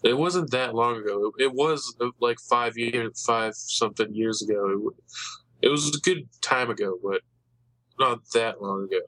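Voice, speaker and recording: A man's voice: mid-range voice, moderate pace, fairly bright tone, no echo, poor audio. A man hosting a casual podcast chat, rambling eagerly about comic books. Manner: rambling, eager comic-book fan talk.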